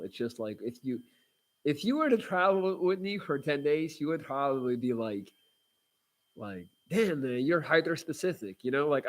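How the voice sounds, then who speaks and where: Rambling casual man on a livestream. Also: medium pitch. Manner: rambling, frequent fillers and restarts, blunt and cursing. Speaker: livestream host reading viewer comments.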